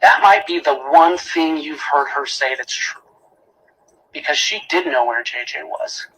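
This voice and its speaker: A man's voice: on the high side, animated, a little slow, pushed and bright, husky, rough recording. A man giving a prosecutor's closing argument in a courtroom, emphatic, repeating key phrases and asking rhetorical questions.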